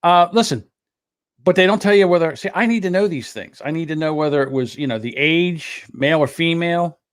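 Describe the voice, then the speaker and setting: A man co-hosting a casual podcast, tossing in sarcastic wisecracks and quick questions. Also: fairly high pitch, smooth, no echo, studio quality. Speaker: podcast co-host. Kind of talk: casual chat.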